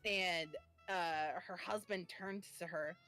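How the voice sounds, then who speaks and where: A young woman in her twenties with a lowish voice, telling a story casually and stopping often on "um." Faint music plays underneath her. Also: steady tone, slow, pushed and bright. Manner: chatty, lots of fillers. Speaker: streamer guest.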